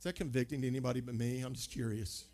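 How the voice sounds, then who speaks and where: A pastor preaching a sermon, conversational and emphatic, full of rhetorical questions. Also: male voice, medium pitch, fairly even intonation, fast, darkish tone.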